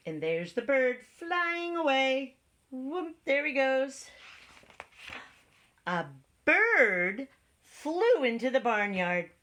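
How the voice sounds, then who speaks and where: Woman reading a picture book aloud, bright and lively, very slow, explains words as she goes. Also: a little high. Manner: animated, explains words to young listeners. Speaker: storybook reader.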